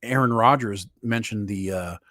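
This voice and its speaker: A man's voice: on the low side, normal speed, a bit bright, no echo, studio quality. A man co-hosting a casual political podcast, laughing often and getting emphatic and heated. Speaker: podcast co-host.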